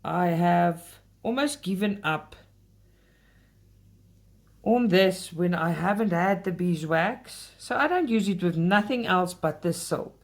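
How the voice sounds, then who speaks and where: Lower-voiced woman chatting. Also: lively intonation, slow. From South Africa. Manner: talkative, heated when complaining, speaks straight to viewers. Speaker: cross-stitch channel host. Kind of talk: casual chatty craft vlog.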